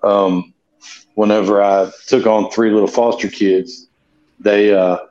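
A man in casual chat, earnest and quick to laugh. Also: fairly low pitch, little pitch movement, warm tone, echoey room, dull audio.

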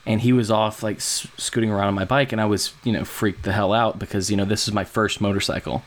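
A man co-hosting a podcast, telling a long story in a rambling, animated way and acting out what people said. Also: fairly low pitch, quick pace, slight background noise. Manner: rambling, animated, acts out quotes. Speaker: podcast co-host. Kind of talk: casual storytelling chat.

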